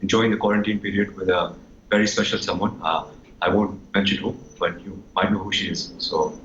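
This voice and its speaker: A man impersonating a relaxed young male film star, speaking low and softly with many fillers. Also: a little fast, reverberant, lo-fi sound, a little hiss or hum. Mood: easygoing.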